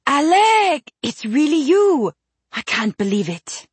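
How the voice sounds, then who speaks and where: A woman voicing a young werewolf queen with a French accent, eager and warm-hearted. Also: high voice, big pitch swings, slow pace, dry recording, pitched above the performer's own voice, exaggerated voice. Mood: thrilled.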